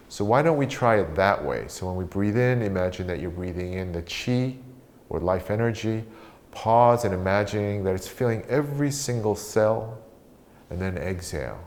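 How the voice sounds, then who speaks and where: A man leading a guided meditation, speaking slowly and calmly as he teaches breathing and a question practice. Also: fairly low pitch, slight background noise. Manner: slow, calm guiding voice.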